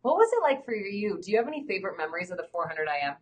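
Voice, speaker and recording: Woman host, mid-pitched voice, friendly encouraging interviewer, casual chat. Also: big pitch swings, rapid-fire.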